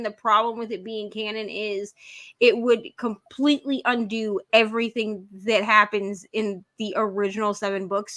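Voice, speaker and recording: Woman, fairly high, blunt and chatty, dry close-miked livestream co-host. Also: fairly bright tone, no echo. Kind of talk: casual chat.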